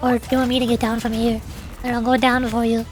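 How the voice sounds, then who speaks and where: A woman's voice: a little high, flat delivery, fast talker, soft background music. A woman streaming a game, chatting playfully and making silly sound effects and meows as she plays. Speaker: vtuber streamer. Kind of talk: gameplay commentary.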